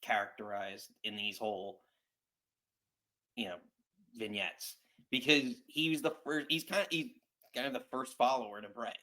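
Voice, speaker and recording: Hesitant, bright-toned podcast co-host, mid pitch. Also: normal speed, long pauses. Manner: hesitant, thinking aloud. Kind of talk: casual wrestling recap chat.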